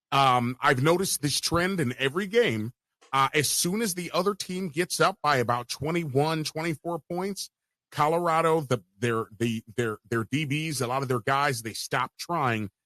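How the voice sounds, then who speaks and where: A man with a bright, forceful voice and a slightly high pitch, talking sports as a guest radio host. He makes confident, emphatic calls, and the sound is dry and close. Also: unhurried, no room sound. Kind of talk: casual sports talk.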